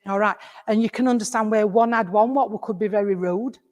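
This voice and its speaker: A woman's voice: medium pitch, fairly quick, a little mellow. A woman with an English accent giving a mediumship demonstration in a village hall, chatty and affectionate, calling her listener sweetheart and darling. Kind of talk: mediumship demonstration addressing an audience member.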